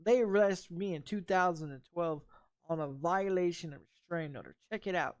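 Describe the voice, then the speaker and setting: A man's voice: high-pitched, a little fast, dry recording, muffled recording. A man in his thirties, a game streamer, telling a story in a heated, profane rant full of repeats. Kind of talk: casual storytelling during a gameplay stream.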